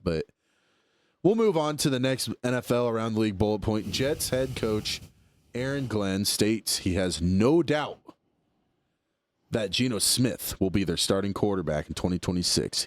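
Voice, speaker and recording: A young man co-hosting a podcast, chatting casually about sports in a relaxed, rambling way with lots of fillers. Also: on the low side, moderate pace, dry recording. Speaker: podcast co-host.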